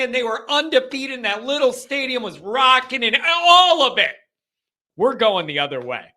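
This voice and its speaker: A man hosting a live sports call-in show, talking in an animated and mocking way. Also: very high-pitched. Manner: animated and mocking, with sudden swings in delivery.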